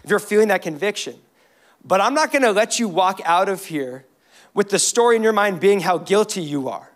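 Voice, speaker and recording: A man's voice: sits high, expressive, fairly quick. A man preaching a sermon as a pastor, reading scripture and speaking with rising intensity. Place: church sanctuary.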